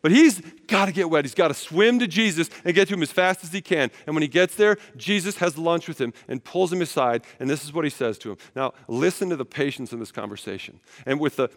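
A man preaching a sermon in a conversational, animated way, acting out the quotes as he retells a story. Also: fairly high pitch, quick pace, hardly any pauses. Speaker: pastor. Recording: hall reverb.

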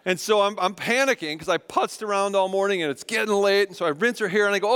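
A high-pitched male pastor in his thirties delivers a sermon with a smooth, resonant voice. He tells a self-deprecating story and animatedly acts out the lines of the people in it. The sound carries a long reverb from the church hall. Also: quick pace, few pauses, a bit bright. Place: church sanctuary.

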